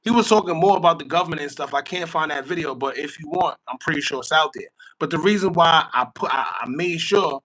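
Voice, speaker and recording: A man's voice: a little high, fast talker, few pauses, pushed and bright, low-quality recording. A man hosting a casual commentary show, talking in a wry, conspiratorial way and tossing out rhetorical questions. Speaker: podcast host.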